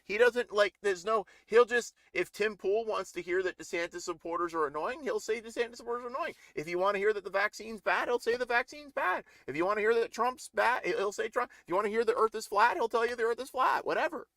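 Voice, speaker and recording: Bright, indignant male political streamer. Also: high voice, fast talker, hardly any pauses, no room sound, clean studio sound. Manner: rambling, indignant, with restarts and mocking impressions. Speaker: live-stream political commentator. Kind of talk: casual political commentary.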